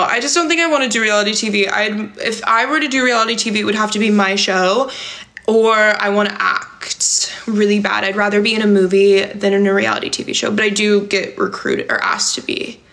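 A young woman from California, hosting a livestream, speaks in a pushed, bright mid-range voice at normal speed. She reads viewer comments aloud and rambles in reply, with many a "like" and "um."

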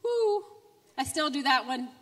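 A middle-aged woman giving an emotional personal testimony at a church conference, moving from quiet storytelling to loud, fervent preaching. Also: high-pitched, normal speed. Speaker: conference speaker. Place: church sanctuary. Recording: reverberant hall, distant mic.

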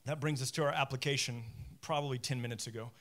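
A man's voice: medium pitch, fast. A young adult male pastor preaching a sermon, telling a Bible story with jokes, asides and little acted-out voices. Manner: animated, jokey storytelling preacher.

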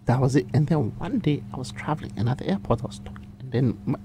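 A man with a breathy, breaking voice that often drops near a whisper, telling a story animatedly as a guest in a radio studio. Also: medium pitch, fast talker, background noise. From Ghana. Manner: animated, emphatic, repeats himself. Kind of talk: casual radio interview, storytelling.

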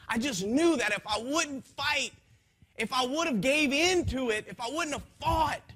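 A man with a high, bright voice and a husky edge tells his testimony to a gathering. He talks in a folksy, rambling way with many restarts, and swings between quiet reflection and loud, impassioned bursts. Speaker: speaker giving a testimony. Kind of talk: emotional spoken testimony to a gathering.

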